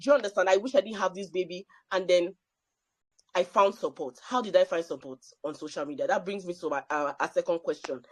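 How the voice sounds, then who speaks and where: A woman's voice: lowish voice, fairly quick, dry recording. Emphatic woman, dry close sound. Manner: emphatic, repeats phrases for effect. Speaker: panel speaker. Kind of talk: personal testimony at a panel.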